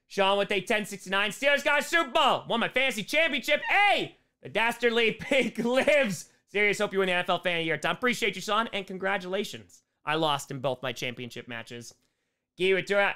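A young man live-streaming a football game, calling the plays and reading out viewer messages, excitable and loud at big moments. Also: high voice, smooth. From United States. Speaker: sports streamer and comedian. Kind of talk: live play-by-play and chat reading.

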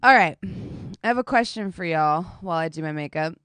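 A woman talks to her stream in a loose, casual way, swearing freely as she tells a story. Her pitch jumps around a lot. The sound is dry and close. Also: normal speed, smooth, dry recording. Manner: animated, swearing storyteller, reads chat.

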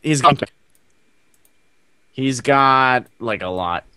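Lively young man, exasperated gamer. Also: mid-range voice, very slow, smooth, no echo. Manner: exasperated, scolding. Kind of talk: casual gaming banter.

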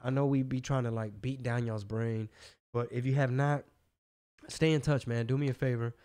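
A man hosting a podcast in casual political chat, animated and slangy, often restarting his sentences. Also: medium pitch, normal speed, smooth. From Texas. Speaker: podcast host.

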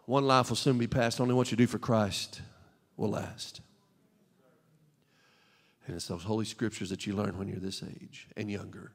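A male pastor preaching a fervent sermon in a church, at times rising to shouts. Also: on the low side, vocal fry. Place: church sanctuary. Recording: long hall reverb.

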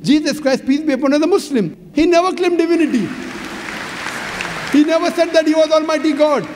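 A man's voice: very high-pitched, brisk, a crowd in the background. A man giving a public religious lecture to an audience, speaking emphatically and methodically citing chapter and verse. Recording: long hall reverb, faint background noise.

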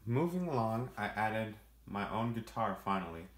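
A man with family roots in Jamaica and Brazil casually walks through how he produced his song, his fairly low voice moving at a moderate pace in an echoey room. Relaxed, he rambles with plenty of fillers.

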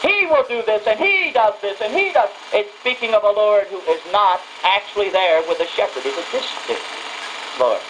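A woman's voice: mid-range voice, expressive, moderate pace, fairly bright tone, slight background noise, poor audio. A woman preacher giving a radio sermon, reading scripture and driving her points home through emphatic, repeated phrases. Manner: reads scripture aloud and stresses single words.

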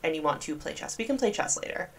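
A woman's voice: low voice, expressive, fast. A young woman giving casual gameplay commentary, chatty, gasping and squealing in disgust. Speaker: gaming video creator.

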